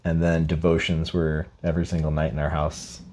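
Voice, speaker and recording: A man from Scotland talking about his upbringing in a casual podcast conversation, reflective and unhurried as he tells his story. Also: extremely low pitch, monotone, a little mellow. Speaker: podcast co-host and guest.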